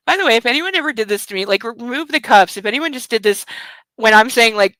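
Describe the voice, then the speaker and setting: A woman's voice: fairly high pitch, brisk, a bit bright, no echo, rough recording. Sarcastic woman reading a novel aloud. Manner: sarcastic, indignant, blunt with swearing. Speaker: book club reader and commentator.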